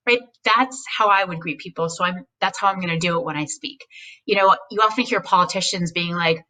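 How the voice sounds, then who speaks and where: A woman speaking as a guest, giving casual, animated advice on speechwriting and mimicking voices now and then. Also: mid-range voice, a little fast, recorded from a distance, low-quality recording. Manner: animated, acts out quoted voices, speaks frankly.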